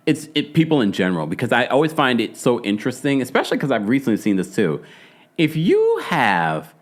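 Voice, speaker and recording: Male recap host, mid-pitched, with big swings in pitch, emphatic and opinionated. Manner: animated, emphatic, mimics the people he discusses. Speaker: podcast host recapping a reality show. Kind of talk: casual opinionated recap commentary.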